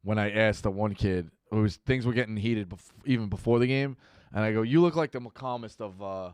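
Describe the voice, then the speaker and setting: Man, low-ish pitch, dry sound, wry humor, casual podcast talk. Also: fairly quick, darkish tone, smooth, no room sound. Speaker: podcast co-host. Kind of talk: casual chat.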